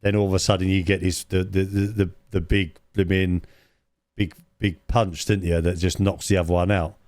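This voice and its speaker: A man's voice: low-pitched, flat delivery, normal speed, a little mellow, no room sound. A man co-hosting a podcast, rambling in casual chat, repeating words and adding tag questions. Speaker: podcast co-host.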